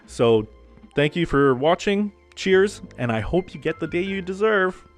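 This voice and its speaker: A man's voice: high-pitched, expressive, a little slow, faint music behind. A man hosting a casual comedic podcast, ranting in a profane, jokey way. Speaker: podcast host.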